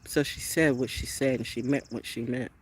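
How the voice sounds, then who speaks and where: A woman vlogger telling a story in an unscripted, profanity-laden rant, swinging between loud outbursts and hushed, low talk. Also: fairly even intonation, normal speed, slightly rough.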